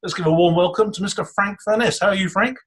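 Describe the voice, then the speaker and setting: A man's voice: high-pitched, quick pace. Polished male host. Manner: warm, polished presenter delivery. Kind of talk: interview.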